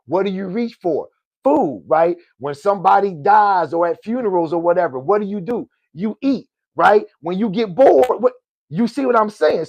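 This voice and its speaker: With a high-pitched, slightly mellow voice, this middle-aged Oklahoma, US, man hosts a podcast and delivers a preachy, motivational personal talk. He calls out to listeners, often asking "right?" and repeating "good people". The recording is muffled, with no room sound.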